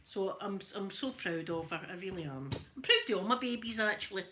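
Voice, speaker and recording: Bright-voiced chatty Glaswegian woman. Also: mid-range voice, expressive, brisk, a little hiss or hum. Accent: Scottish, Glaswegian. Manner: chatty and jokey, laughs often. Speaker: ASMR creator. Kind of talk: casual chat. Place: at home, ironing.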